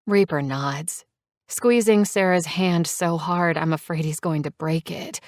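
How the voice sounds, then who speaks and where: A woman narrating a first-person romance audiobook with expressive character voices. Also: on the low side, unhurried, dry recording, studio quality.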